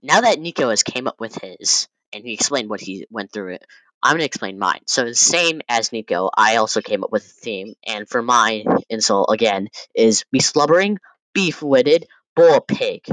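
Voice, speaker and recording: A young man giving a casual class presentation, loose and halting with many fillers and restarts. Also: lowish voice, bright, forceful tone, no room sound, poor audio. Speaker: student presenter.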